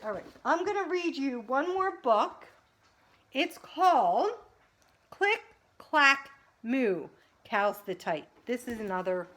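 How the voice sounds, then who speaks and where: Animated woman reading to preschoolers. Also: a little high. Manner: animated and sing-song, talking to the kids between pages. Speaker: preschool teacher. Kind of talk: reading picture books aloud to children.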